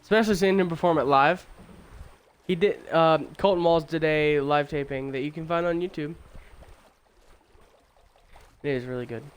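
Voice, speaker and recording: A man's voice: a little high, moderate pace, long pauses, clean tone. A tired young man streaming a game, chatting in a rambling, opinionated way with lots of fillers and restarts. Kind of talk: casual chat while gaming.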